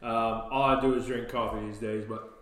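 A man's voice: medium pitch, little pitch movement, moderate pace, a bit bright. A man co-hosting a church podcast, talking in a hyper, jokey way, wired on caffeine. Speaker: podcast co-host. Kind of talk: casual chat. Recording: very echoey room.

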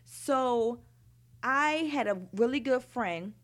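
A woman's voice: fairly high pitch, animated, slow. Candid woman telling her story. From Baltimore, Maryland. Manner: frank, conversational, heavy use of "like" and "you know". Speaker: storyteller recounting her youth.

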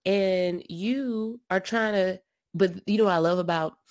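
A woman casually retelling Bible stories, slangy and animated, acting out the characters' lines. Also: medium pitch, a little slow, no echo, studio quality. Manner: animated storyteller, slangy, acts out quotes. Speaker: podcast co-host discussing scripture. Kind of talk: casual Bible discussion chat.

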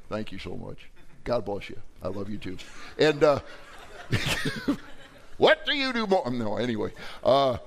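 A man's voice: medium pitch, wildly swooping pitch, slow, creaky, long pauses, a little hiss or hum. A man preaching a sermon to his congregation, conversational and joking, acting out arguing voices with big swings in emphasis. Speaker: pastor.

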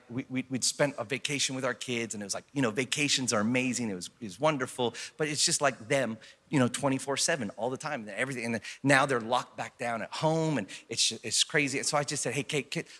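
A man in his thirties preaching a conversational sermon as pastor, telling stories and rising into loud, excited preaching. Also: mid-range voice, fast talker, big-room sound. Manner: conversational, building to shouted preaching.

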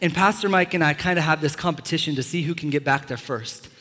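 A young man preaching a sermon as a pastor, enthusiastic and joking with sudden loud bursts. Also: a little high, fast. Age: young adult. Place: large church hall. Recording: long church-hall reverb.

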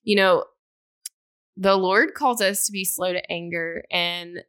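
A young adult woman co-hosts a podcast in casual chat, earnest and rambling, with lots of filler words and heavy use of "like." Her lowish voice is steady, clear, and resonant with a slightly bright tone, and she takes things slowly.

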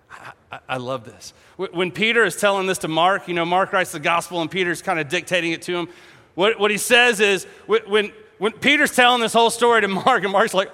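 A man preaching a sermon, telling a story with animated energy, acting out voices and laughing along. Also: sits high, fast talker, big-room sound. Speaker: pastor.

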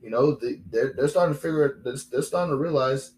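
A man's voice: medium pitch, quick pace, a little mellow, slight background noise, poor audio. A young man hosting a solo podcast, rambling and repeating himself with lots of fillers. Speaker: podcast host.

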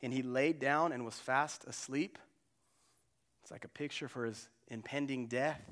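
A man pastor preaching a sermon, conversational and animated, with side digressions. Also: medium pitch, a little slow.

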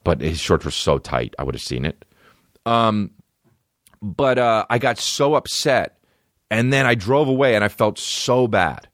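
A man's voice: lowish voice, animated, unhurried, a bit bright, no echo, clean studio sound. A man in his thirties hosting a podcast, telling rambling, profane, self-deprecating stories in a casual comedic way. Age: 30s. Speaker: podcast host.

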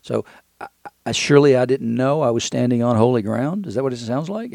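Gravelly-voiced man teaching scripture. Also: mid-range voice, fairly quick, a little mellow, no room sound, studio quality. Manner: conversational, many restarts, reads scripture aloud. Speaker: Bible teacher. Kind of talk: verse-by-verse Bible teaching.

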